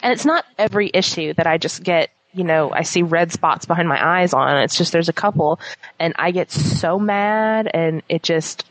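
A woman's voice: on the low side, normal speed, no echo, rough recording. A woman chatting casually as a podcast co-host, talking in an emphatic, heated way. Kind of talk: casual chat.

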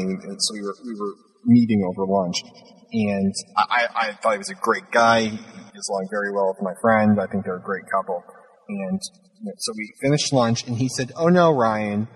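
A man's voice: lowish voice, fairly bright tone, breathy edge, poor audio. A young man hosting a podcast, chatting casually in a joking, self-deprecating way. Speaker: podcast host.

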